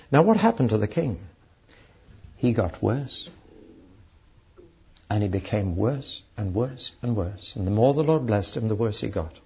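A male preacher delivers a sermon in a raspy, husky voice, asking rhetorical questions as he goes. His pitch swings lively up and down. The recording sounds dull and lo-fi. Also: measured pace, long pauses.

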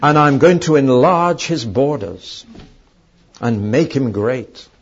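A firm, commanding God, as a preacher puts him on gives orders in a raspy voice, a little raised. The sound is muffled and lo-fi. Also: male voice, mid-range voice, animated, slow, heavily acted. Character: commanding male God speaking. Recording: dull lo-fi recording.

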